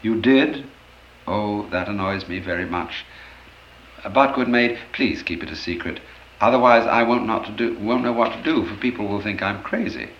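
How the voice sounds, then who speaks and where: A man's voice: lowish voice, normal speed, a bit bright, a little hiss or hum. A man voicing an embarrassed, pleading old monk in a storytelling lecture. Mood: sheepish. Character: sheepish elderly monk caught playing. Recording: roomy, dull old lecture recording.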